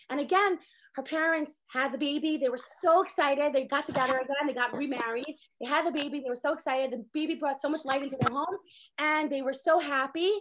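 High-pitched woman teacher; chatty, animated storytelling over a video call. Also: moderate pace. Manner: animated storytelling, acts out characters' lines, many "like" fillers. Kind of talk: casual online Torah class.

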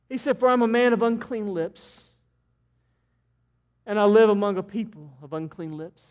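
A man pastor preaching an impassioned sermon in a church sanctuary, swinging from loud to quiet. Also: high-pitched, normal speed, long pauses.

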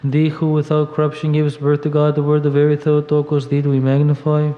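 A man reading liturgical hymns aloud in a steady, even recitation at a church service, now and then stumbling over a word. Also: on the high side, a little fast. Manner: steady monotone recitation with small slips. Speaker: reader at a monastery service. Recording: dull echoey church audio.

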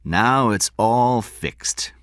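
A man voicing a confident, scheming businessman in an audiobook, brisk, excited and commanding. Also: medium pitch, dry recording, clean studio sound, pitched above the performer's own voice.

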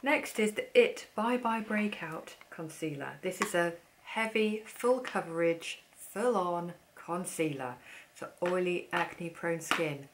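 Woman, casual vlog chat, fairly low voice, faint background noise, playful asides. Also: slow. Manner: chatty, self-deprecating, playful asides. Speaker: beauty vlogger. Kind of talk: casual haul chat to camera.

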